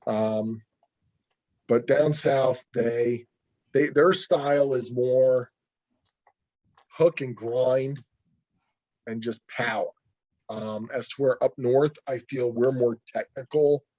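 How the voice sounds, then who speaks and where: Male arm wrestler guest, husky and profane, dull call-quality recording. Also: mid-range voice, fairly even intonation, takes it slowly, long pauses, darkish tone, dry recording. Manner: blunt, profane, heated ranting. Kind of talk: casual interview over a call.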